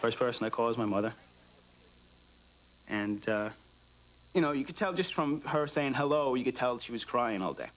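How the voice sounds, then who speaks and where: A man's voice: mid-range voice, normal speed, pauses often, a little hiss or hum, low-quality recording. A man, a firefighter, telling his story candidly and with feeling in a documentary interview, acting out the dialogue. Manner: candid, emotional retelling with lively quoted dialogue. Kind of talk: first-hand account in a documentary interview.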